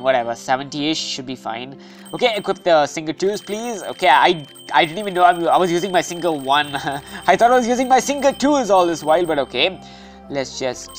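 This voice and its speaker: Excitable woman narrating her gameplay. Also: sits low. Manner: excitable, anxious, often says "dude". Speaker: gaming video host. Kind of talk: casual gameplay commentary.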